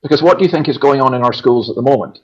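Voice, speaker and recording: Racing along in a husky, mid-range voice, this man is a pastor from Scotland and a show regular. He talks with emphasis and earnestness during a conversational discussion of religion, frequently starting his sentences over, all captured in dull lo-fi sound.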